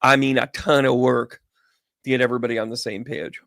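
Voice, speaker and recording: A man talks casually to his viewers, chatty and animated, with a chuckle never far away. His voice has a rough, gravelly texture at a middling pitch. The sound is close and dry with no room echo. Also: fairly quick. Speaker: host and medium. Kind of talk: casual livestream chat.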